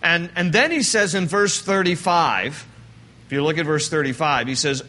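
A man preaching to his congregation in a relaxed, conversational way, slipping into quoted voices and dry jokes. His voice sits a little high and comes across bright and forceful. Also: normal speed. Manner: conversational, joking, acts out quoted lines. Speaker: pastor. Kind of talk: sermon.

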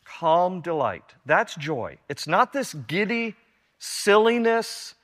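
A man's voice: fairly high pitch, big pitch swings, slow pace, fairly bright tone. An older man preaching a sermon as pastor, earnest and emphatic, repeating key lines. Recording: long hall reverb.

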